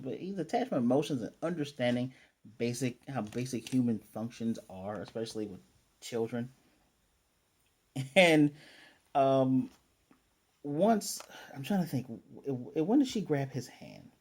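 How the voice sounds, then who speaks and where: A man's voice: mid-range voice, a little mellow. A man casually recapping an anime episode as a reviewer, rambling with lots of fillers and restarts.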